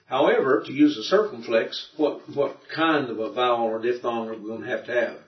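A man's voice: medium pitch, fairly quick, distant mic. A man teaching a Greek grammar class, patiently explaining and checking that his students follow. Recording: dull roomy recording from afar.

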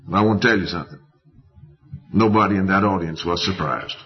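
A man preaching a sermon in a slow, deliberate way with emphatic rises. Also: low voice. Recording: dull lo-fi recording.

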